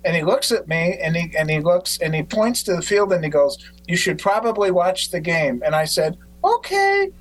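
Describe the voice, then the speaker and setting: A man hosting a podcast who tells stories in an animated way and acts out quotes. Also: fairly high pitch, normal speed, few pauses, poor audio. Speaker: podcast host. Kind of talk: casual conversation.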